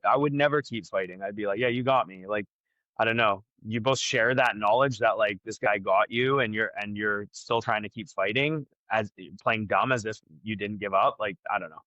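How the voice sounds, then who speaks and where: A man, a jiu-jitsu black belt and gym owner, talking candidly as a podcast guest and thinking out loud with lots of fillers. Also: fairly low pitch, a little fast, dry recording, highs cut off. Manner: candid, frank, talks through his thinking with many fillers. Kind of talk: casual podcast conversation.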